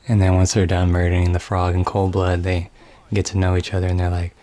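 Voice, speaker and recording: A man giving a deadpan, mocking recap of a video game's opening story. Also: low voice, fairly quick. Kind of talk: comedic sarcastic story summary.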